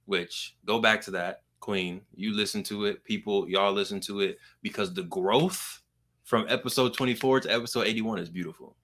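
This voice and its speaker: Male podcast host, young adult, animated storyteller, brassy timbre. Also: on the low side, normal speed. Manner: animated storytelling, acts out quoted people. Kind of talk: casual podcast chat.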